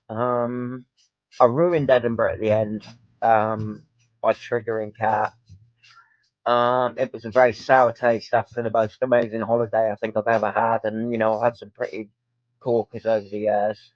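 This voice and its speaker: A man's voice: lowish voice, no echo, dull audio. A man talking frankly to camera in a personal vlog, rambling with many filler ums. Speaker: vlogger.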